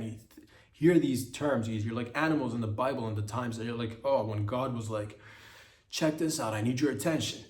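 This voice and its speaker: A man hosting a solo comedic podcast monologue, rambling and repeating himself with lots of fillers, jumping into animated mock quotes. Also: lowish voice. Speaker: podcast host. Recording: echoey room.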